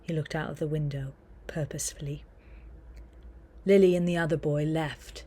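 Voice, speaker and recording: A woman narrating an audiobook in a steady storytelling manner. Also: deep voice, normal speed, slightly rough.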